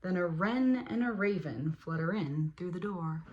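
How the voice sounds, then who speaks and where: A woman reading a children's picture book aloud as host, animated, with playful sound effects and asides to her listeners. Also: fairly low pitch, measured pace, dull audio. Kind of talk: storybook read-aloud for children.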